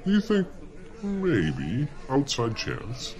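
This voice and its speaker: A man plays the co-host in a scripted comedy bit, pleading and whiny like a kid brother. His mid-pitched voice is very animated, jumping up when he gets worked up. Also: slow pace.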